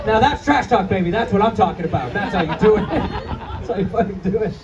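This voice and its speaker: A man's voice: high-pitched, fast, dull audio. A man in his thirties doing a profane, self-mocking stand-up set, laughing through his punchlines. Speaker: stand-up comedian. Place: comedy club before a live crowd. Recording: distant stage audio with crowd noise. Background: audience laughter and chatter.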